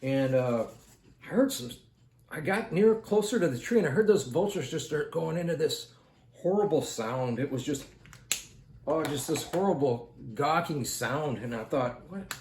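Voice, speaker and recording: A man's voice: on the high side, lively intonation, normal speed, a little mellow. A man hosting an art channel, telling a rambling story to his viewers while he draws, talking straight to them in a casual, chatty way. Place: indoors at home. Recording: roomy echo with faint noise.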